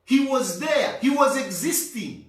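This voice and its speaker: A man's voice: very high-pitched, animated, measured pace, far from the mic. A Zambian man giving an insistent political monologue, repeating his points over and over for emphasis. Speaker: political commentator. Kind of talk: argumentative monologue. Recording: echoey room, voice off-mic.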